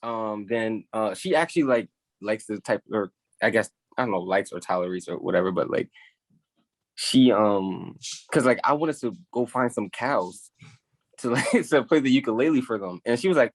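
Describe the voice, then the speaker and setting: A man's voice: medium pitch, animated, a little fast, no echo. Young man rambling through a story. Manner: rambling storytelling with many likes and restarts. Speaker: podcast host. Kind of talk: casual chat.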